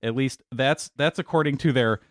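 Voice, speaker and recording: A man chatting casually as a podcast co-host, often pausing to search for the right word. He slips in sarcastic remarks. His voice sits at an ordinary pitch and is recorded close and dry. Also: no echo. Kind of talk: casual chat.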